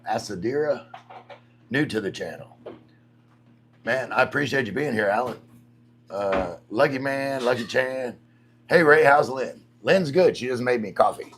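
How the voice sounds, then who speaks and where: A man's voice: mid-range voice, lively intonation, a little slow, pauses often, fairly bright tone, slight background noise. A middle-aged man chatting casually on a live stream, reading viewers' messages aloud and answering them. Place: home in the Philippines.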